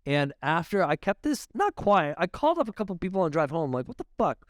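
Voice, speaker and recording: A man from Canada telling stories as a guest in a podcast interview, animated and swearing often, with laughs. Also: on the high side, fast talker, dry recording, studio quality. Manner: animated, profane, laughing storyteller. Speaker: realtor guest. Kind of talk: casual podcast storytelling. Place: podcast studio.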